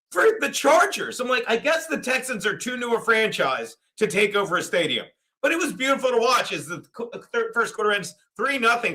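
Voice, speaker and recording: Brief: raunchy fifties stream host, high-pitched and bright, rambling stories. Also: male voice. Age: 50s. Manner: crude, rambling, loud storytelling. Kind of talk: casual sports watchalong chat.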